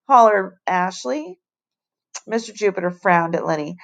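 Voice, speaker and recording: A woman's voice: lowish voice, normal speed. Woman teacher reading a storybook aloud. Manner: expressive, clear storytelling. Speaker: fourth-grade teacher.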